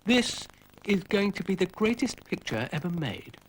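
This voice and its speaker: A man's voice: high-pitched, sing-song, normal speed, slight background noise, pitched above the performer's own voice, poor audio. A man doing a lofty exasperated cartoon dog. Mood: pompous. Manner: grand, sighing, exasperated. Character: lofty, moody male dog, director. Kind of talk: storybook cartoon voice.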